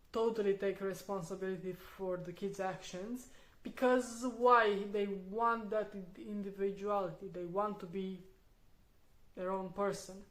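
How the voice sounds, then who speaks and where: A young woman and mother, talking casually and candidly as she reviews a parenting book, thinking aloud, restarting words and swearing now and then. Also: medium pitch. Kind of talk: casual reflective vlog talk. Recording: roomy echo.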